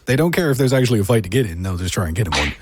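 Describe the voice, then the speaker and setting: A man's voice: fairly low pitch, sing-song, very fast, heavy background noise. A man from England chatting casually as a podcast guest producer, swearing freely and stammering when he starts a point.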